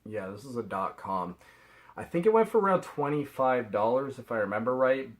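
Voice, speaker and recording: A man's voice: mid-range voice, lively intonation, fairly quick, rough recording. A middle-aged man from Canada, rambling chattily through a haul vlog and laughing at himself. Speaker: reseller vlogger.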